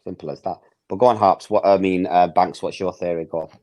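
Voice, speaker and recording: Deep-voiced emphatic man. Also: steady tone, quick pace, warm tone. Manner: emphatic, swears, acts out quoted speech. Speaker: podcast host. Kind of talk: casual football podcast chat.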